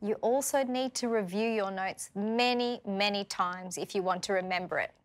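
Her mid-range voice moves at a moderate pace as she works through a scripted vocabulary lesson. She has an Australian accent, stays clear and patient, and quizzes her learners along the way.

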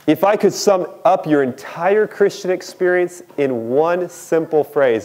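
High-voiced pastor preaching a sermon. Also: male voice, a little mellow. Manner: preaching with rhetorical questions, dropping low and slow on key words. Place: church sanctuary.

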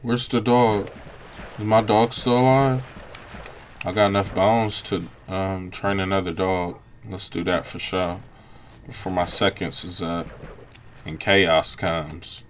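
Laid-back low-voiced man commentating gameplay. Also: level tone, takes it slowly, slight background noise. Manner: laid-back, reactive, frequent exclamations. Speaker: gaming channel host. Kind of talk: let's-play gameplay commentary.

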